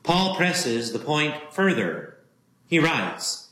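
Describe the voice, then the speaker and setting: A man preaching a sermon as a Lutheran pastor. He speaks in a measured, emphatic way and repeats key phrases for weight. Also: medium pitch, animated, sharp tone. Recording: roomy echo.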